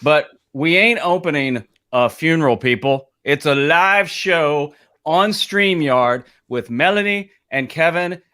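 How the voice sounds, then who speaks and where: A man's voice: fairly high pitch, animated, a little slow, pushed and bright, clear, resonant tone. A middle-aged man co-hosting a live stream in casual, jokey banter, greeting viewers and teasing with silly asides. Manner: jokey, playful, slips into silly accents. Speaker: co-host.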